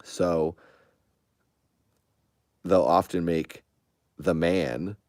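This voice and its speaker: A man's voice: low-pitched, extremely slow, darkish tone, dry recording, studio quality. A man chatting casually to his online audience, answering their comments in a rambling, defensive way. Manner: rambling and defensive, with frequent restarts. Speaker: streamer answering viewer comments.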